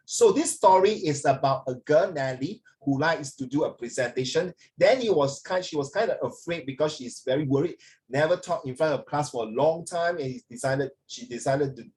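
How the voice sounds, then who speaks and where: A man's voice: fairly high pitch, darkish tone, slight background noise. A man teaching an online English class over a video call, joking with the pupils and mixing English with Chinese. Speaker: English tutor.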